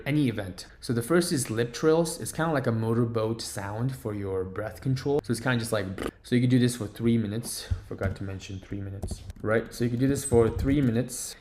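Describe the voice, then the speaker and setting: A man's voice: medium pitch, darkish tone. A man giving a casual video lesson on improving the voice, talking loosely with many fillers and restarts from a room at home. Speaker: voice coach. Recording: roomy echo.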